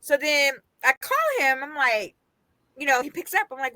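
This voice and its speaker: A woman from Las Vegas co-hosting a podcast, telling a story in casual chat, animated and laughing as she quotes the people in it. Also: high-pitched, moderate pace, no echo. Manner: animated, laughing, quoting others in her story. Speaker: podcast co-host.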